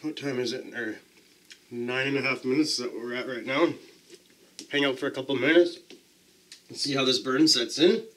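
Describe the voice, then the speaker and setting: Speaking at a normal pace with long pauses, a man with a medium-pitched, slightly bright voice vlogs about eating peppers. He chats to the camera in a self-deprecating way, narrating the burn as it intensifies.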